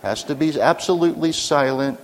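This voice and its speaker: A man's voice: a little high, normal speed. An older man, a pastor, preaching a sermon with humorous storytelling and questions to the congregation. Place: church sanctuary. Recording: reverberant church hall.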